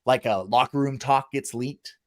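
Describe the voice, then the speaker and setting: A man's voice: medium pitch, steady tone, moderate pace. A man in his thirties hosting a casual podcast, talking bluntly with lots of swearing and acting out voices from his past. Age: 30s. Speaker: podcast host and former college football walk-on.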